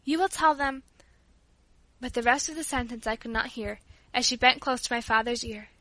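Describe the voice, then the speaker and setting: Bright-voiced woman reading an audiobook. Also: a little high, steady tone, a little fast, dry recording. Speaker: audiobook narrator.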